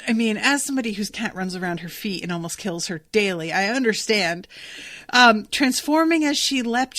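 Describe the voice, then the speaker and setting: A woman hosts a casual book-reaction podcast. She reads passages aloud, then breaks in with excitable, swear-filled reactions. Her voice sits in the middle range and sounds dry and close to the mic. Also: medium pitch, dry recording. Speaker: podcast host.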